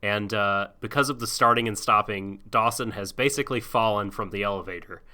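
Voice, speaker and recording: A man with a very bright, forceful voice co-hosting a casual anime podcast. He rambles and restarts often as he works through his thoughts. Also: fairly low pitch, brisk. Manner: rambling, hesitant, many restarts, acts out quotes. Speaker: podcast co-host.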